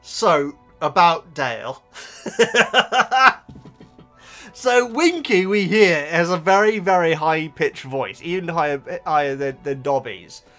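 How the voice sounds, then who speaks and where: A man's voice: a little high, animated, slow pace, bright, forceful tone, soft background music. A young man with a slight Bristolian accent, talking casually and at length to his viewers, often breaking into laughter. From Oxfordshire, England. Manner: chatty, rambling, often laughing, addresses the viewers as guys. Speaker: book vlogger. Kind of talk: casual chat.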